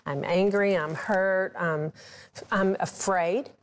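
A woman's voice: medium pitch, steady tone, takes it slowly. A woman author, a guest on a Christian talk show, speaking earnestly as she teaches and leads a prayer.

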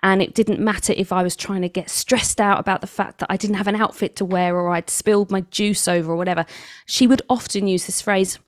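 Animated English woman, dry sound. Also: brisk, dry recording. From England. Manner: animated, quoting others with big pitch jumps. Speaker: author and guest. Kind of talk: conversational interview storytelling.

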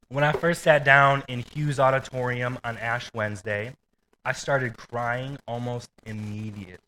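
Bright-voiced pastor, casual sermon. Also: male voice, medium pitch, fairly even intonation, measured pace, long pauses, slight background noise, low-quality recording. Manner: casual, conversational preaching with laughs and asides.

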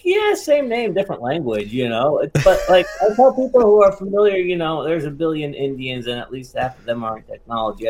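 A man in his forties answering interview questions in a relaxed way, full of "uh" and "like". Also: mid-range voice, low-quality recording. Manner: relaxed, many fillers like "uh" and "like". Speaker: guest, military veteran.

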